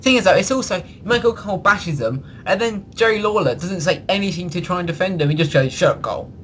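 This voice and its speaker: A man co-hosting a casual podcast chat, opinionated and quick to restart his sentences. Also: sits high, animated, fairly bright tone, a little hiss or hum. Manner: chatty, opinionated, restarts often. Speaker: podcast co-host.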